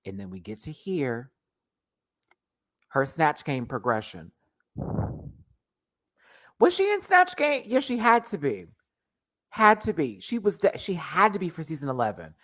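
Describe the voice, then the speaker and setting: Sassy, animated man reviewing drag. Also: on the high side. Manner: laughs often, playfully exaggerated. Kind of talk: casual livestream review.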